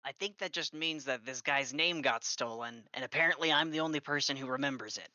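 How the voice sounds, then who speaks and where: A man playing a tabletop game, joking quickly about his character. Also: medium pitch, pushed and bright, dry recording. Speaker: player. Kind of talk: casual tabletop play. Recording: dull lo-fi mic.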